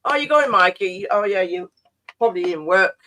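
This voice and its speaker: A blunt woman co-hosting a relaxed livestream, cursing freely and quick to laugh at the chat. Her voice sits at an ordinary middle pitch, and she speaks in short, offhand remarks. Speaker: livestream co-host.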